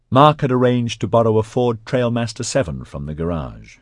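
A man narrating an audiobook in a steady, even storytelling manner on a close studio mic. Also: medium pitch, normal speed, no room sound. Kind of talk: scripted narration.

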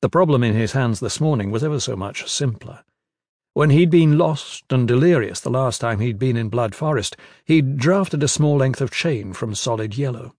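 A man narrating a fantasy novel in a measured, even storytelling manner into a close studio mic. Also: mid-range voice, no room sound. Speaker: audiobook narrator.

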